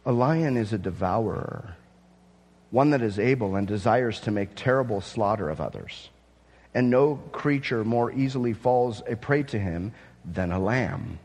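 Husky-voiced man preaching in an echoing hall. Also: fairly low pitch, expressive, a little slow, a little mellow. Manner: dramatic, voicing awed onlookers in rising outbursts. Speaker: pastor. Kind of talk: sermon.

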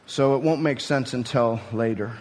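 A man's voice: medium pitch, normal speed, a little mellow. A man preaching a sermon, teaching through a passage and building to emphatic peaks. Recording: reverberant hall.

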